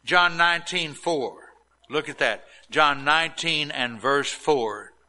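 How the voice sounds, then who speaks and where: Slow, bright-voiced preacher. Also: male voice, on the high side, rough recording. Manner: dramatic, emphatic storytelling with acted quotes. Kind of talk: sermon.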